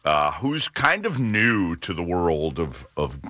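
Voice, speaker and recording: A man's voice: sits low, big pitch swings, slow, sharp tone, no room sound. A middle-aged man hosting a radio talk show, rambling casually with frequent restarts.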